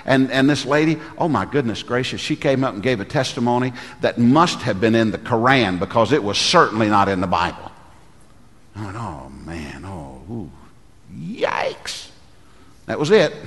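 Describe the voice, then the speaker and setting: A man's voice: medium pitch, expressive, fairly quick, a bit bright, big-room sound. A middle-aged man preaching, a pastor telling folksy stories and acting out the voices he quotes. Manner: folksy storyteller who acts out quoted voices. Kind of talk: sermon with storytelling.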